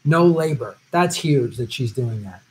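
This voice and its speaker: Expressive and a little slow, a middle-aged man of medium pitch chats on a casual stream captured in a rough recording. He's a vegetarian who travels for work, and he reads viewers' comments aloud before answering with meandering jokes.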